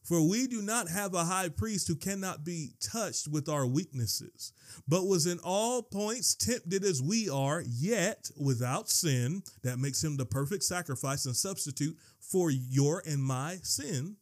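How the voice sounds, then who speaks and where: A man preaching a sermon in a high voice. He moves between quiet scripture reading and excited yelling. When he gets worked up, he stumbles and repeats words. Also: unhurried. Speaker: pastor.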